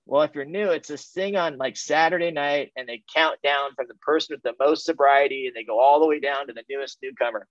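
Here a man with a voice on the high side speaks in a dry recording that sounds dull and muffled. He's middle-aged, from California, and openly shares his recovery story with a group, repeating phrases and breaking off to begin sentences again.

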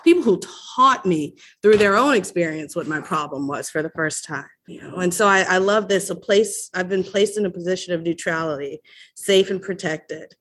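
A woman sharing her personal recovery story at a support meeting, candid and animated, acting out other people's voices. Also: fairly low pitch, moderate pace.

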